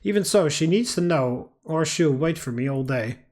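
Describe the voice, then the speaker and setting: A man hosting a game playthrough, reading the story aloud in a steady, dramatic way with casual asides. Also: a little high, moderate pace. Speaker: let's play host. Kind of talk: reading a visual novel aloud.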